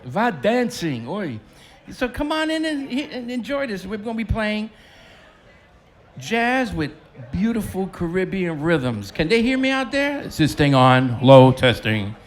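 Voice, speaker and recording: A man with a high-pitched voice and big swings in pitch speaks a little slowly. He's the bandleader and emcee on a festival stage, joking with and teasing the crowd through a stage microphone in live banter.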